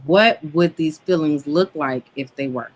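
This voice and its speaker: A woman's voice: low-pitched, unhurried. A woman co-hosting a casual faith chat, laughing often as she builds long, elaborate metaphors.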